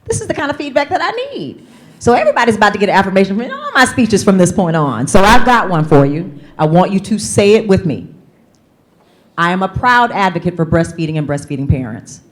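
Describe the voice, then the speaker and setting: A woman speaker and coach giving a lively motivational keynote from a conference stage, leading the audience in call-and-response. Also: mid-range voice, quick pace.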